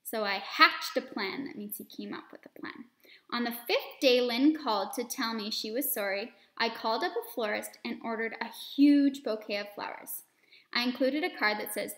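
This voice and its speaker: A woman reading a children's story aloud expressively, pausing to explain words and lessons to young listeners. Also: on the high side, a bit bright, roomy sound.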